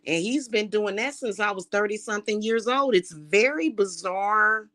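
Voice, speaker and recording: A woman, ranting to camera in a casual vlog, blunt and animated, with profane slang. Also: mid-range voice, moderate pace. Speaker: vlogger.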